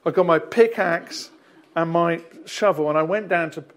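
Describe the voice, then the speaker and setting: Australian man, pastor, rambling sermon story, high voice. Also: normal speed. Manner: rambling anecdotal, frequent restarts, chuckles.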